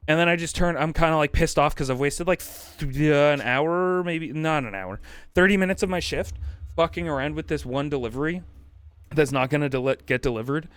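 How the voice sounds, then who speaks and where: A man's voice: a little high, fairly quick, fairly bright tone, clear, resonant tone, no echo. A man streaming, telling a rambling, profane anecdote in casual chat and acting out quotes. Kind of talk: casual storytelling on a livestream.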